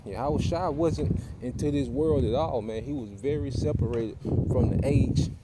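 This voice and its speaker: A man teaching scripture in a loose, conversational preaching style, stopping often to check in with "okay?" and "man." His voice sits at a middle pitch. Loud background noise runs under everything. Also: moderate pace. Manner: casual preaching, tags lines with "man" and "okay". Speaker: teacher of a Bible study group. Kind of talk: informal sermon teaching.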